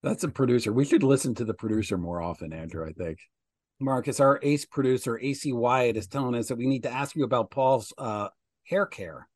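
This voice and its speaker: A man's voice: mid-range voice, lively intonation, a little fast, no room sound, studio quality. A man co-hosting a podcast in casual chat, easygoing and teasing. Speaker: podcast co-host.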